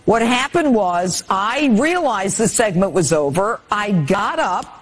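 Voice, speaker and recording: A woman's voice: medium pitch, lively intonation, measured pace, slight background noise. A woman on a TV interview played on air, recounting an incident in an indignant, emphatic way. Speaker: TV guest.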